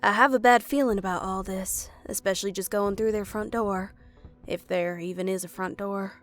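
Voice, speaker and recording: A woman's voice: mid-range voice, fairly even intonation, moderate pace, faint music behind, close to an everyday voice. Lady doing a tough young agent woman, dry wit, kinda tense, audiobook read. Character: determined young female special agent, dry-witted.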